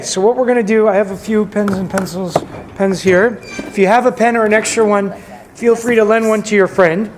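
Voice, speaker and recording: A man with a high voice leads an adult study class in a synagogue classroom. He teaches in a loose, chatty way, full of "um" and "okay". Faint room hum sits behind him. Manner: relaxed, chatty teaching with fillers. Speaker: synagogue educator leading a class. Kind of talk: leading an adult study session.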